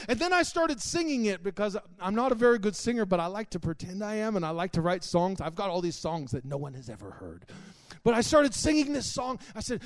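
A man preaching a sermon, telling a personal testimony with strong emotion that swings between hushed confession and loud exclaiming. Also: very high voice, animated, fairly quick.

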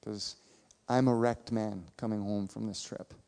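A man's voice: on the low side, steady tone, measured pace, gravelly, warm tone. A man preaching a sermon as a pastor, earnest and emphatic, repeating his points for weight. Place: church sanctuary. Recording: reverberant church hall.

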